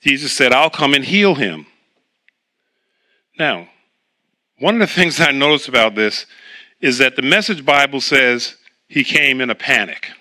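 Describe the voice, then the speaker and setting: A man's voice: mid-range voice, moderate pace, sharp tone. A man preaching a sermon, reading scripture aloud and then explaining it in a conversational way.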